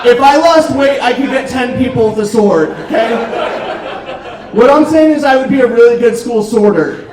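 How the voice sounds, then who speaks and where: High-voiced deadpan stand-up comedian. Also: male voice, normal speed. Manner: deadpan dark jokes with filler ums. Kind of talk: stand-up set. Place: restaurant comedy stage. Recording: roomy club, distant mic, crowd noise. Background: audience laughter.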